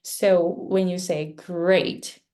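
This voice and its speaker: A woman whose first language is Japanese answers audience questions as a guest speaker. She talks slowly, explains patiently and gives examples. Her voice is mellow and warm. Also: mid-range voice. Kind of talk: online webinar Q&A answer.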